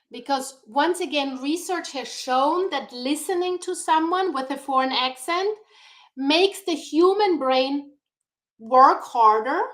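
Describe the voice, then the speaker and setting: A woman guest on a talk show, speaking in a deliberate, encouraging way over a video call. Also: high-pitched, a bit bright. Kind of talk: motivational talk-show chat.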